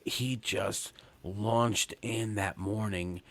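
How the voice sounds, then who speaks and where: Low-voiced profane New man rambling. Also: fairly even intonation, extremely slow, vocal fry. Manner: rambling, profane, lots of fillers and restarts. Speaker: podcast host. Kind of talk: casual storytelling.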